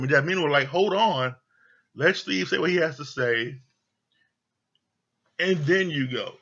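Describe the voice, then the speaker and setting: A man's voice: on the high side, bright, forceful tone, highs cut off. A man giving a casual, candid recap of a reality show, swearing freely and acting out what the cast said. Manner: candid, profane, retells scenes with quoted voices. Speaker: show reviewer.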